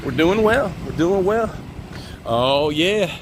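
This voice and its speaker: A man hosting a casual walk-and-talk live stream outdoors, relaxed and chatty, reading the chat aloud and laughing often. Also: fairly high pitch, slow, noisy background. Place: outdoors on city streets, walking.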